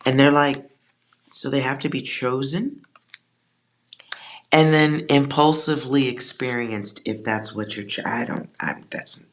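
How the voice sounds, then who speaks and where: A tarot reader giving a casual collective reading, blunt and joking, with slangy asides and soft whispered side remarks. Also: mid-range voice, steady tone, unhurried.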